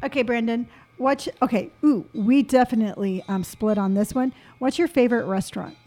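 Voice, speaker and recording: A woman's voice: on the high side, a little fast, mellow. A woman co-hosting a casual podcast chat, reading out questions in a giggly, teasing way. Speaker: podcast co-host asking questions.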